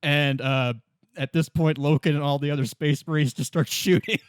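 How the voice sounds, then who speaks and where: A man's voice: a little high, fairly even intonation, moderate pace, smooth, dry recording, studio quality. A man casually retelling a story on a podcast, rambling and laughing as he acts out characters. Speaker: podcast co-host.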